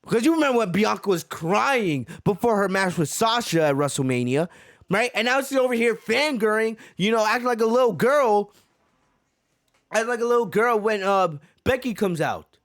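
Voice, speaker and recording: High-voiced man ranting on a podcast. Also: animated, moderate pace, a bit bright, no echo, studio quality. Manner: frustrated, repeats himself, many fillers. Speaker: wrestling podcast host. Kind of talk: ranting reaction commentary.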